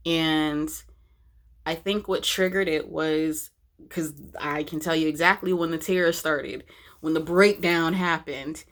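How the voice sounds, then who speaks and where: Slow, low-voiced woman confiding on camera. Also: fairly even intonation, fairly bright tone. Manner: emotional, halting, many restarts. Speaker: vlogger. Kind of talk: candid personal vlog.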